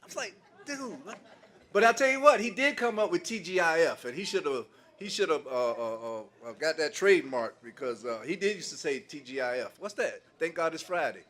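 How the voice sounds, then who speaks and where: A man's voice: on the high side, expressive, brisk, fairly bright tone. An older man doing stand-up comedy, telling folksy stories in a loose way and laughing at his own jokes.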